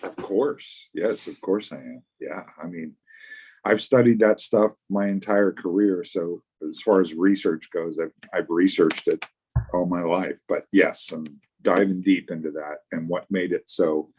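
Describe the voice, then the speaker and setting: Middle-aged male co-host, easygoing live chat, lowish voice, trips over his own words. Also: measured pace, darkish tone, breathy edge. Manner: rambling, repeats words when starting sentences. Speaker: podcast co-host.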